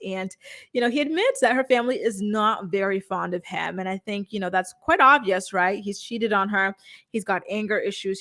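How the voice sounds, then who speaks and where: A woman's voice: medium pitch, a bit bright. Chatty young woman gushing over gossip. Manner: chatty, gushing, heavy use of "like" and "you know". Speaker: host of a reality TV recap show. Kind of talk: casual chat.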